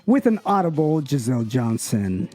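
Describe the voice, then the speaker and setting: A man who is a guest on a podcast, chatting in a relaxed way and laughing easily. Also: mid-range voice, normal speed. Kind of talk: casual podcast chat.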